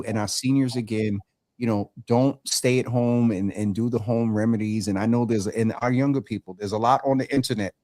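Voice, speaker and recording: A male talk show host with a lively, folksy delivery who keeps tripping over his own restarts. His voice sits at an ordinary pitch and sounds dry and close to the mic. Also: dry recording. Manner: animated, stammering restarts, folksy. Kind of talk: casual health talk show.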